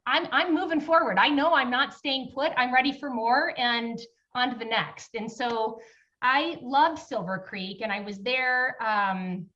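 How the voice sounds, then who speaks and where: Brief: earnest woman guest, bright and fairly high-voiced, story told casually, dull lo-fi mic a bit far off. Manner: earnest, relaxed; recounts events by acting out dialogue. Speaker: podcast guest. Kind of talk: conversational storytelling.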